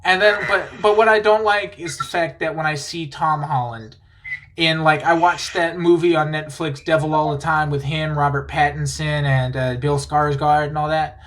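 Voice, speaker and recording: A man's voice: on the high side, fairly even intonation, normal speed, fairly bright tone. A man hosting a podcast, chatting casually, rambling enthusiastically and laughing easily. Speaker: podcast host. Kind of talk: casual chat.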